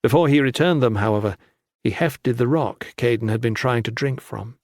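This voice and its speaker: A man reading a fantasy audiobook in measured, even scripted narration. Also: medium pitch, no echo, clean studio sound.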